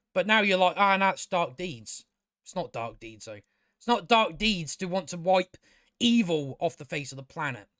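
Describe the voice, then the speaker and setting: A man's voice: sits high, a bit bright, no room sound, studio quality. A man reviewing a TV episode in a casual, sarcastic and exasperated rant, swearing freely. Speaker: TV show reviewer.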